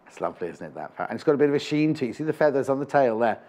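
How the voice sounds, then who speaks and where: With a warm, mid-range voice, a man races through a live home shopping show in a studio. He's expressive as he chats about fabrics and prices, tossing in jokey, teasing remarks.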